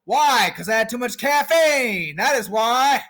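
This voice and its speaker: A man with a very high, bright voice rambles through a goofy off-the-cuff freestyle. He swings widely up and down in pitch and bursts into shouts. His delivery is unhurried. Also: lively intonation. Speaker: vlogger.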